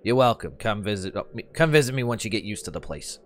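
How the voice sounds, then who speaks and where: A man voicing a sarcastic, bitter demon office worker with a New York accent and a sharp-tongued manner. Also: lowish voice, animated, fast, natural voice. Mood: sardonic.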